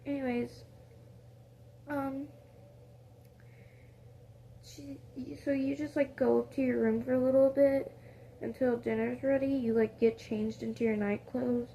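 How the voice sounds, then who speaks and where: A woman's voice: high-pitched, fairly even intonation, measured pace, long pauses, warm tone, slight background noise. A woman improvising a casual second-person story, rambling with many fillers and corrections of herself.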